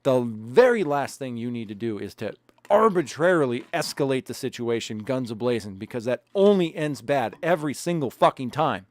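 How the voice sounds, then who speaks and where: A man's voice: medium pitch, lively intonation, moderate pace, a little mellow, no room sound. Podcast co-host, male, heated and profane, dry close-miked sound. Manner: profane, angry, emphatic. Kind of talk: heated casual podcast rant.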